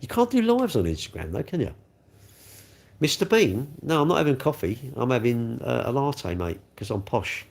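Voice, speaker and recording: Rambling English man, gravelly voice. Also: mid-range voice, very animated, moderate pace. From England. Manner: rambling, chatty, self-mocking. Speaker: livestream host. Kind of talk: casual livestream chat reading comments.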